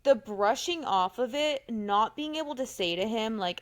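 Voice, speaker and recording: A woman's voice: on the high side, expressive, moderate pace, hardly any pauses. A woman co-hosting a podcast, chatting casually and candidly, quoting people in mocking voices. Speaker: podcast co-host. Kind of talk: casual chat recapping a reality show.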